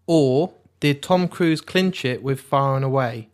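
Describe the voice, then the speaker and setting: Guy on a podcast, jokey, laughs a lot, mid pitch. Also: measured pace, a little mellow. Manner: jokey, laughing, reads listener questions. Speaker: podcast co-host. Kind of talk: casual chat.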